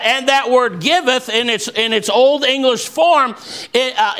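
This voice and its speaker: With a high, bright, ringing voice, a preacher delivers a fervent, impassioned sermon full of scripture quotes. He swings between hushed, low passages and shouted, soaring declarations.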